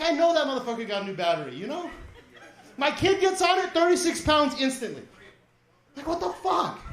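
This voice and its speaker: A man's voice: very high-pitched, a bit bright, reverberant. A man in his forties doing a stand-up set in a small comedy studio, rambling, profane, and acting out the voices he quotes. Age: 40s.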